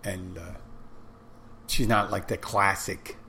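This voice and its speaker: A man's voice: low-pitched, fairly even intonation, takes it slowly, pushed and bright, slight background noise. A man talking casually on his own, rambling with restarts and asides, blunt and sometimes swearing. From United States. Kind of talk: casual monologue.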